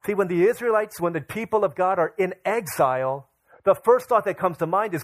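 Young male pastor, slightly high voice, dry sound, animated storytelling sermon. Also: fairly quick, no room sound. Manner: storytelling, acting out his children's voices.

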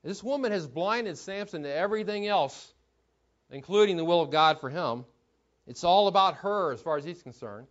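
A man's voice: sits high, expressive, normal speed. A man preaching a sermon in an earnest teaching tone, asking rhetorical questions and often restarting his phrases. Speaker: pastor. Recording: dull lo-fi recording.

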